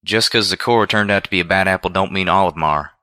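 A man's voice: low-pitched, steady tone, fast, pushed and bright, no echo, clean studio sound. A man reading a storybook voices a caring but stubborn farm-pony mare who speaks in a folksy country dialect. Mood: insistent.

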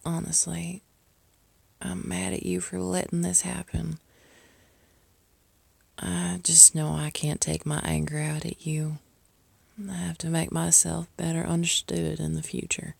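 A woman with a heavy gravelly fry and a lowish voice, talking slowly in an audio role-play. She is both scolding and soothing, and often sinks into a whisper. The sound is dry and close. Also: flat delivery, darkish tone, dry recording. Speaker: caring mistress speaking to a listener.

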